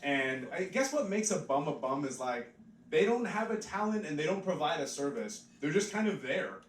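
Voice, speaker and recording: Male stand-up comic with a rambling, offhand delivery, slightly high voice, heard from afar in a roomy pub. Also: big pitch swings, normal speed, distant mic, slight background noise. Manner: rambling and offhand, full of "like" fillers. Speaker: stand-up comedian. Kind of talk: live stand-up comedy. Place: pub stage, live audience.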